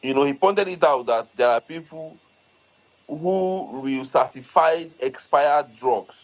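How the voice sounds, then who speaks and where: A man giving a measured comment in an online audio-room discussion, halting and full of fillers. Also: on the high side, poor audio. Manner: halting, many "you know" fillers. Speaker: discussion participant.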